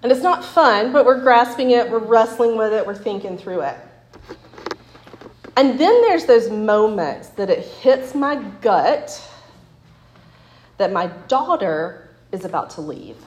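A woman's voice: a little high, animated, a little slow, long pauses, slight background noise. Chatty, laughing woman teaching Bible study. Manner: chatty, laughing, full of "like" and "right?". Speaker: women's Bible study speaker. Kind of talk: casual teaching talk with stories. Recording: echoey room.

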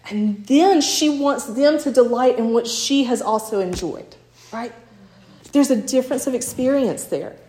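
A woman, giving a sermon and telling stories with little acted quotes, often asking "right?". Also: on the high side. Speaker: speaker teaching a church talk. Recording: echoey room.

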